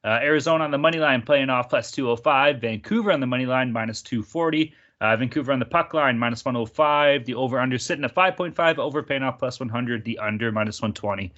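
A man's voice: mid-range voice, fast, few pauses, fairly bright tone, muffled recording. A man hosting a casual hockey betting chat, brash and profane. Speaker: host.

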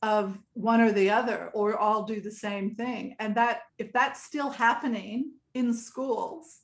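A woman's voice: a little high, steady tone, unhurried. A woman in her sixties, a guest telling stories in a chatty, rambling way and laughing often. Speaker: interview guest. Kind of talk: casual storytelling. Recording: echoey room.

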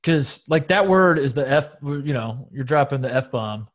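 A man's voice: medium pitch, animated, measured pace. A man co-hosting a casual sports podcast, joking and sarcastic, rambling through his points with frequent restarts. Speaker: podcast co-host.

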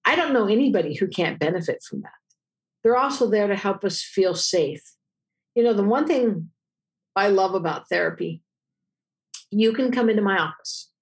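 A middle-aged woman, a therapist, answering interview questions and telling stories with lively acted-out dialogue. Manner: expressive storyteller, acts out dialogue with big pitch jumps.

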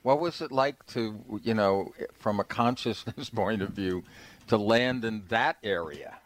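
A man's voice: on the low side, unhurried. A man co-hosting a talk radio show, easygoing and hesitant, with fillers. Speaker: radio co-host.

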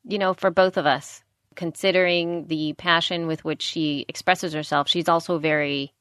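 Bright-voiced woman podcast co-host. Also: sits low, steady tone, moderate pace, smooth, dry recording, clean studio sound. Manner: friendly, says dude, laughs along. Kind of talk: casual chat.

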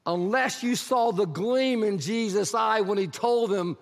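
Man, preacher, very high voice, animated sermon storytelling, long hall reverb. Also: a little slow, few pauses. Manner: animated storytelling, acting out the people in the stories; rises into shouting at points.

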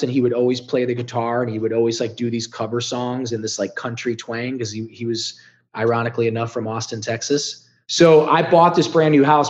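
Middle-aged male podcast guest, blunt, profane storyteller, dull muffled recording. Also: mid-range voice. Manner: blunt, profane and animated, swings loud and soft. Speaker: podcast guest, business founder. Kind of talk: candid storytelling.

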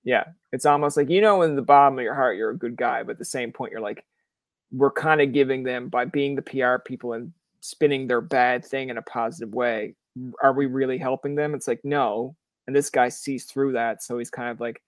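A man's voice: medium pitch, steady tone, fairly quick, no echo. A young man from Canada hosting a podcast in casual chat, rambling with many fillers, swear words and acted-out quotes. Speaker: podcast host.

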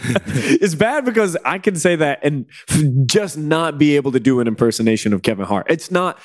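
A man's voice: fairly high pitch, moderate pace, no room sound, clean studio sound. A man hosting a podcast, chatting casually about games and film news. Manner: relaxed, conversational. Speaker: podcast host.

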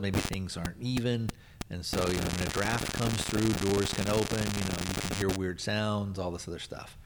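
Low-voiced man rambling through a recap. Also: slight background noise. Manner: rambling, hedging with frequent filler words. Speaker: podcast host reviewing a film. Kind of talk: casual spoken plot recap.

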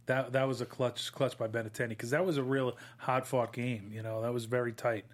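A man co-hosting a casual sports chat, loose and chatty, often acting out players' lines in a higher voice. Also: fairly quick. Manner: animated, acts out players' quotes in higher voices. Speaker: podcast co-host.

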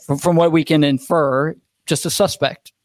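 A young man co-hosting a podcast, speaking quickly and matter-of-factly in casual conversation. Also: fairly high pitch, fairly even intonation, no echo, clean studio sound. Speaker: podcast co-host.

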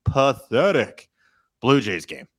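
A man's voice: medium pitch, sing-song, takes it slowly, fairly bright tone, no room sound, studio quality. A man co-hosting a podcast in casual chat, rambling and interrupting himself, laughing often. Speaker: podcast co-host.

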